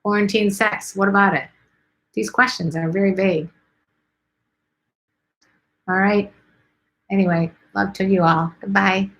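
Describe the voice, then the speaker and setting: A middle-aged woman from Chicago, hosting a casual livestream and answering viewer questions in a chatty, blunt way with many fillers, her voice going hoarse. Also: medium pitch, fairly even intonation, a little slow, pauses often, a bit bright, low-quality recording. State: losing her voice.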